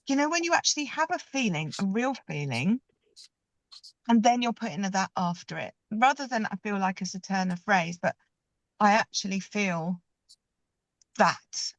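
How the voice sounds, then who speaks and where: A woman on a book club video call from a parked car, chatty and expressive. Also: medium pitch, no room sound. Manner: chatty and expressive, animated when telling anecdotes. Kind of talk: casual group video call discussion.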